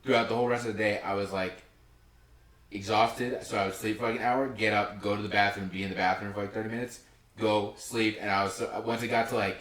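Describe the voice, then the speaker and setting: A young man with a very low voice, talking quickly and rambling, full of filler words. He sits a bit back from the mic, and the room rings with echo. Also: fairly even intonation, fairly bright tone. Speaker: podcast co-host. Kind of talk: casual chat. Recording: echoey room, mic at a distance.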